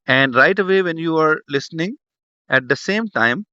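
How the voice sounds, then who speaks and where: A man teaches an online exam prep class in a slightly high voice with lively intonation at normal speed; his tone is sharp and clean. He talks loosely, repeating himself, restarting a lot, and using many fillers. The recording is dull, dry, and lo-fi.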